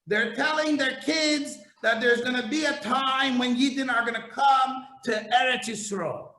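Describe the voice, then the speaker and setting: Male rabbi, sermon, very high voice, bright, passionate, swings between hush and shouting. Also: measured pace. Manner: impassioned, swings from hushed to shouting. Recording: roomy echo.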